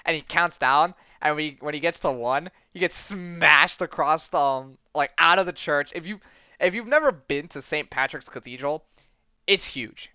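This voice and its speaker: A man hosts a podcast, recapping comics in a rambling, casual style thick with "like," "um," and excited slang like "dude" and "bro." He speaks at normal speed in a slightly high, bright, forceful voice that's clear and resonant, on a lo-fi recording with no room sound.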